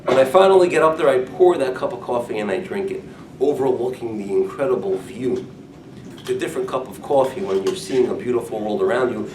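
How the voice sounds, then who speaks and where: Storytelling rabbi in an echoey room. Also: male voice, medium pitch, brisk, slight background noise. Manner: storytelling, animated and humorous. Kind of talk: informal talk to a group. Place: room with curtains. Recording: echoey room, mic from far off.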